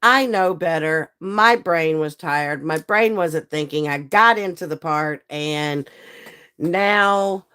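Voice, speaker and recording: A hoarse, croaky woman, hosting a live stream in folksy, chatty talk and greeting viewers by name. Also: deep voice, slow pace, bright, forceful tone. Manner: chatty, folksy, laughs often. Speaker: livestream host and seller.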